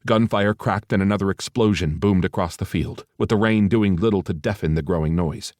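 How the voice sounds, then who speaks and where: A man reading an audiobook in steady, even scripted narration. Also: low voice, brisk, dry recording, studio quality.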